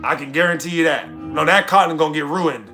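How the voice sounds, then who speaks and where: A man's voice: fairly high pitch, a little fast, over loud music. A man streaming to his chat, arguing in a heated, sarcastic rant. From United States. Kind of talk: livestream rant.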